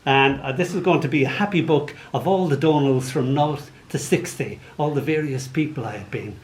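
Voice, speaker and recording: A man's voice: mid-range voice, moderate pace. A man in his sixties with an Irish accent, telling playful stories between poems at a live poetry reading. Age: 60s. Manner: playful storytelling, animated comic asides. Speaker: poet. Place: arts venue hall before a live audience. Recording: roomy hall, faint background noise.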